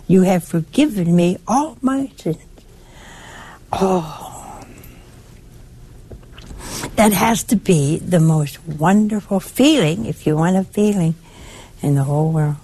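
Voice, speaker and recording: An older woman giving a sermon in a conversational, lively way, teasing and chiding her listeners affectionately. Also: on the low side, breathy edge. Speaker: preacher.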